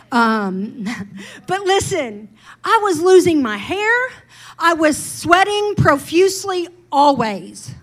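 High-voiced woman pastor preaching slowly. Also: a bit bright, rough recording. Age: middle-aged. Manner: candid, personal testimony with emphatic build-ups. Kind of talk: sermon.

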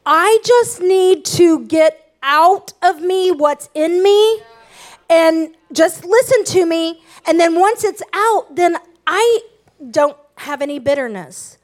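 A woman in middle age gives a sermon on marriage. Her voice sits very high, and she talks with emphatic, passionate candor. She is open about her own faults as she teaches. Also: expressive, slow pace. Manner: emphatic, passionate, self-revealing. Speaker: pastor's wife and co-pastor.

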